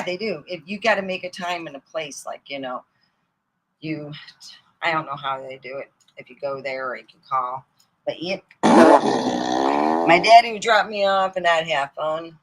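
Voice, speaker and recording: A middle-aged woman from Michigan telling rambling comic stories, swinging between loud outbursts and mutters and laughing at her own jokes. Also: sits low, low-quality recording. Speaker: comedy storyteller. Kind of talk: casual comic storytelling.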